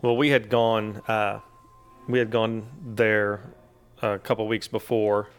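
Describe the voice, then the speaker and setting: A man telling a ghost story in a steady, matter-of-fact way. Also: on the low side, slow, a little hiss or hum. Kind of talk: casual storytelling.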